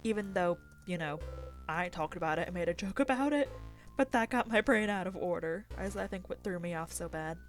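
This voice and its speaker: A woman's voice: fairly low pitch, brisk, soft background music. A woman casually commenting on a game as she plays and reads its text aloud, rambling and poking fun at herself. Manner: rambling, self-deprecating, playful. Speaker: let's player.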